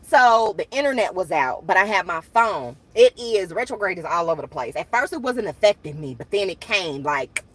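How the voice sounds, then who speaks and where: A woman's voice: fairly low pitch, lively intonation, moderate pace, hardly any pauses. A woman hosting her own channel, chatting casually and animatedly to viewers, laughing often. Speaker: channel host.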